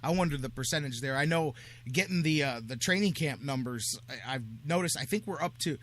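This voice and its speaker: A man hosting a sports talk radio show, chatting casually and joking with quick asides. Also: fairly high pitch, animated, fairly bright tone.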